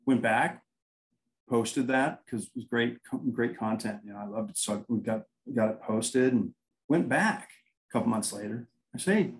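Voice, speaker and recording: Man guest, mid pitch, rambling storyteller who acts out quoted exchanges. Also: rough recording. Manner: rambling, animated anecdotes with quoted dialogue. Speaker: paranormal investigator guest. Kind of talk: casual interview storytelling.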